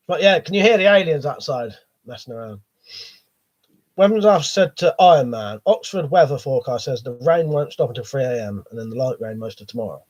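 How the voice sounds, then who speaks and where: Guy with a cold on a live stream, swears a lot, lots of ums, a bit higher voice, dull lo-fi audio. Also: darkish tone. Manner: rambling, sweary, hesitant with many ums. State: has a cold, coughing. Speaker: live stream host reading viewer chat. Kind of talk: casual live stream chat.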